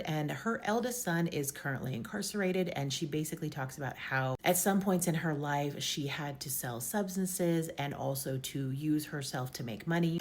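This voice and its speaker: Low-voiced woman recapping a show. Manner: chatty, peppered with "basically" and "like". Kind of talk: casual story recap.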